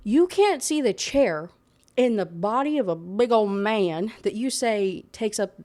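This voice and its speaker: A woman's voice: medium pitch, lively intonation, unhurried, a little mellow. Sarcastic young woman ranting about a book. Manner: sarcastic, exasperated, filler-heavy storytelling. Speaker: book reviewer. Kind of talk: casual ranting book review.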